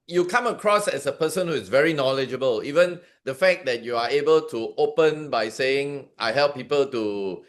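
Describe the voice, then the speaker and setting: A man's voice: mid-range voice, animated, moderate pace, hardly any pauses. A man hosting an interview, asking long questions and backing the guest with short affirmations. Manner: frequent short affirmations, encouraging. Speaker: interview host.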